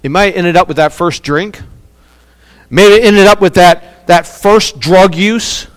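A man preaching a sermon as pastor, emphatic and repeating key words with long pauses. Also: sits high, big-room sound.

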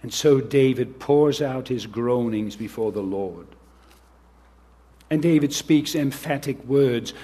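A man's voice: mid-range voice, takes it slowly, warm tone. A man preaching an earnest sermon as pastor, reading scripture and speaking directly to the children.

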